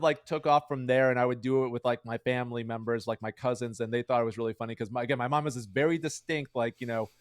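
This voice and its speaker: A young man, a streamer appearing as an interview guest, chats casually at a fast clip, rambling and leaning heavily on fillers. His voice is medium-pitched, and the recording is clean studio sound with no room sound.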